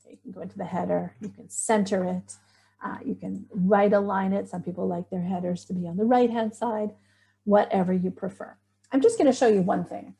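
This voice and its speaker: A woman's voice: medium pitch, fairly even intonation, a little fast, vocal fry, dark tone. A middle-aged woman teaching a screen-share tutorial, chatty and thinking aloud as she works. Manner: chatty, thinking aloud, little surprised exclamations. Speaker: writing workshop instructor.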